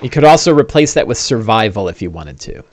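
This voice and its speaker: A man narrating a tabletop game as game master, animated and full of fillers. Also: fairly low pitch, fairly quick.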